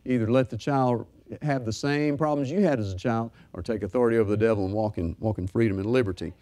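A middle-aged man pastor preaching a sermon, swinging from loud fervor to soft, hushed talk. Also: mid-range voice, quick pace.

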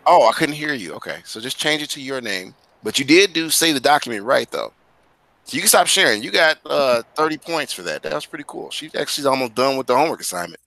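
A man's voice: mid-range voice, expressive, quick pace, gravelly, pushed and bright. A male teacher guiding students through an online class on a video call, talking casually but directly and firmly.

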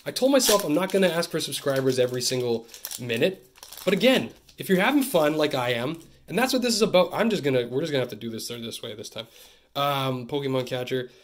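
A young man from Canada hosting a card-opening video, chatting to camera in an excitable, jokey way that swings between loud bursts and muttered asides. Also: mid-range voice, fast talker. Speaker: card-opening channel host. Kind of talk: casual pack-opening chat to camera.

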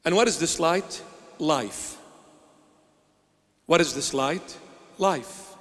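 A male bishop preaching a sermon, asking rhetorical questions and answering them himself in a slow, emphatic delivery. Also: fairly high pitch, fairly bright tone, in a large hall.

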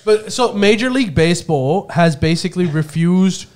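A man co-hosting a podcast, explaining politics in a halting, filler-heavy way. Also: high voice, expressive, darkish tone. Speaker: podcast co-host.

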